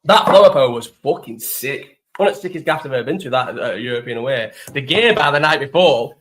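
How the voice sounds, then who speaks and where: A man's voice: medium pitch, lively intonation, a little fast, fairly bright tone. A young man with a Liverpool accent, hosting a live chat and telling rambling, sweary stories with frequent laughs. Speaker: host.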